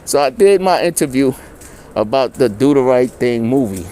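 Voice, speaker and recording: Man in middle age, mellow low-key tone, slangy storyteller. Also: lively intonation, normal speed, smooth. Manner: slangy, loose street talk, acts out quoted voices higher. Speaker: interviewee. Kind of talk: casual storytelling.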